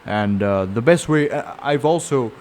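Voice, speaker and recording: A man's voice: mid-range voice, lively intonation, unhurried, a little mellow, slight background noise. A man casually summarizing and reflecting on a novel, talking in a loose, rambling way. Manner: rambling, conversational storytelling with frequent fillers and restarts. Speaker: book reviewer. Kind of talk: casual spoken book summary.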